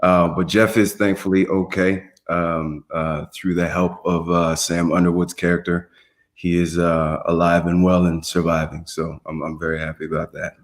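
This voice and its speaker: A man in a video call interview, speaking haltingly with many fillers. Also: low voice, flat delivery. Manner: hesitant, full of fillers. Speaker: guest actor.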